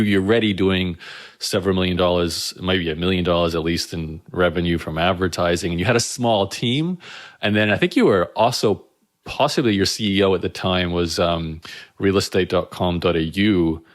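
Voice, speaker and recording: A man with a low voice hosts a relaxed podcast conversation. He asks long, winding questions and corrects himself along the way. He sounds middle-aged. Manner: rambling, self-correcting questions. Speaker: podcast host. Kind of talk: casual interview.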